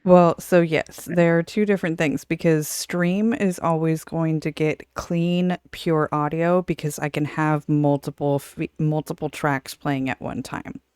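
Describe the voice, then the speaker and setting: A woman's voice: low-pitched, steady tone, measured pace, hardly any pauses, a little mellow, clear, resonant tone, dry recording, studio quality. A woman co-hosting a podcast, chatting and explaining casually, with some swearing, into a podcast mic. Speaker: podcast co-host.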